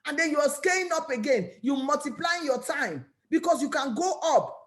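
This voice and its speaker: A woman with a Nigerian English accent gives an energetic motivational talk about her network marketing business, often repeating and restarting words. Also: high-pitched, moderate pace. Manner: energetic, repetitive, preachy.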